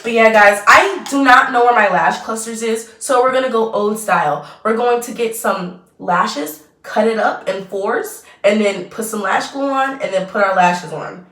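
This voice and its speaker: A woman's voice: on the high side, moderate pace, few pauses, fairly bright tone. Chatty woman vlogging from across a roomy space. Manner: chatty, rambling, trailing off mid-sentence. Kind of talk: casual get-ready-with-me chat. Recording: roomy echo, mic at a distance.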